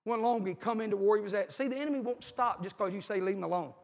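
A preacher with a strikingly high voice delivers a fervent, folksy sermon. He calls out to his congregation as he preaches. His voice rings through a large, reverberant church hall. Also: fast talker, a little mellow. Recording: echoey hall.

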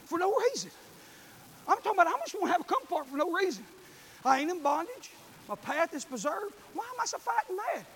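A preacher man with a strikingly high voice for a man, delivering a sermon in church. He tells homespun stories in a fervent, folksy way that breaks into shouting. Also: big pitch swings, a little fast, slight background noise.

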